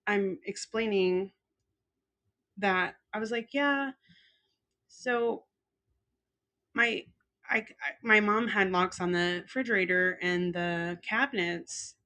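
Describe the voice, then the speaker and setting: A woman's voice: medium pitch, slow, pauses often. A woman co-hosting a podcast, telling funny stories in casual chat, acting out quoted lines with frequent laughs. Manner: animated storyteller acting out quotes, laughs often. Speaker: podcast co-host.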